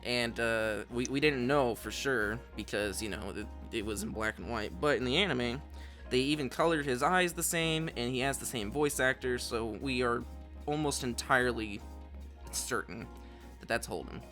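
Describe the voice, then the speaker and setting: An easygoing man co-hosting a podcast, summing up an episode in a relaxed, slightly halting way. His pitch is ordinary for a man. Faint music plays underneath. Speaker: podcast co-host. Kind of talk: casual chat.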